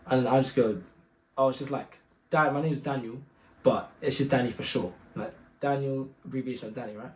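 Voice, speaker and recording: A young man telling a story in a slangy, animated way, acting out the other people's voices. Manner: slangy, acts out voices, gets loud and high when excited. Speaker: guest telling his story. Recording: echoey room.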